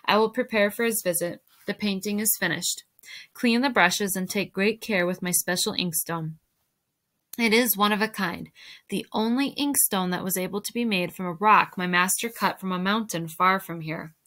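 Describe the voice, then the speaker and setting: A wise older master painter speaks with calm, measured authority as a woman reads him aloud. The tone is bright in a storybook reading. He sounds dry and quietly scornful. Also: mid-range voice, natural voice.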